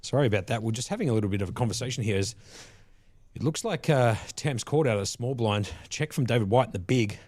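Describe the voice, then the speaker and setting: A man commentating a live poker stream from a commentary box on a headset mic, relaxed and chatty, with frequent laughs. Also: mid-range voice, fast talker, dry recording. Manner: easygoing, laughs often, chatty asides.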